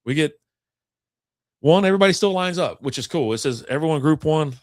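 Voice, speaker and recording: A man's voice: fairly high pitch, expressive, a little fast, dry recording, clean studio sound. A man co-hosting a casual chat, telling a long story in a rambling, profane way and acting out what people said. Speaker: podcast co-host.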